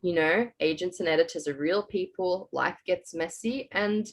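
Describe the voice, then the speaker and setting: A woman's voice: on the low side, moderate pace. A woman hosting a podcast, talking in a reflective, encouraging way in a casual chat. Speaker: podcast host.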